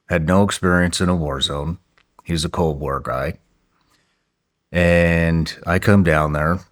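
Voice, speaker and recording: This is a man with a very deep voice, speaking as a podcast host. He tells his war stories in a blunt, matter-of-fact way and swears casually. The tone stays conversational throughout.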